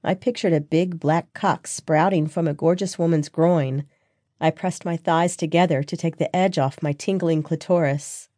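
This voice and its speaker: Woman narrator, first-person read, warm lower voice, intimate and even. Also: normal speed, no echo, studio quality. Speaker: audiobook narrator.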